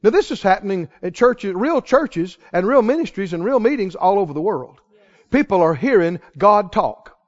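A man preaching a sermon dramatically, asking the congregation questions and swinging between loud exclaims and hushed lines. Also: high voice, sing-song, normal speed, hardly any pauses. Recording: dull lo-fi sound.

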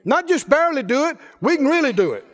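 A man preaching a sermon, asking the congregation question after question in a folksy, animated way. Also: very high voice, quick pace. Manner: folksy, laughs between points. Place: church. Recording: echoey hall reverb.

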